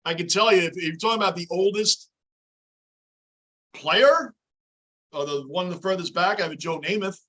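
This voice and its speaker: A man's voice: high voice, normal speed, long pauses, pushed and bright. A middle-aged man hosting a fan livestream, chatting casually and reading viewer comments aloud as he reacts to the game. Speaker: livestream host.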